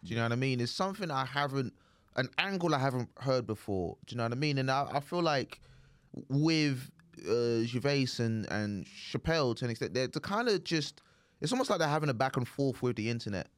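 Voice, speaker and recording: A man chats on a podcast in a thoughtful, hedging way, full of fillers as he works through his views. His pitch moves a lot, and the sound is close and dry. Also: lively intonation, fairly quick, no room sound. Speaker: podcast co-host. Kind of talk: casual chat.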